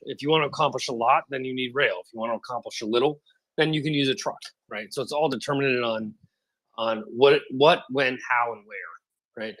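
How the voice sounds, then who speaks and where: A man in a casual online audio chat, explaining things quickly and often checking in with "right?". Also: medium pitch, a bit bright. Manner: talks fast, keeps checking in with "right?". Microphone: phone on spotty Wi-Fi and mobile data.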